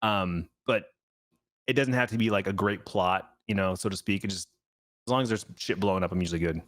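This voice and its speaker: Fast-talking man in casual podcast chat. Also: deep voice, a bit bright. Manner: fast, filler-heavy, swearing. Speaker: podcast co-host.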